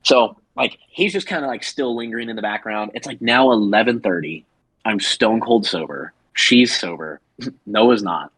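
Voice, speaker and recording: A man with a husky, slightly rough voice, close and dry with no room sound. He tells a story as casual podcast chat, rambling and full of "like," and slips into quick impressions of the people he quotes. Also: fairly low pitch, lively intonation, a bit bright, dry recording, rough recording. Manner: rambling, filler-heavy, acts out quoted people. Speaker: podcast co-host.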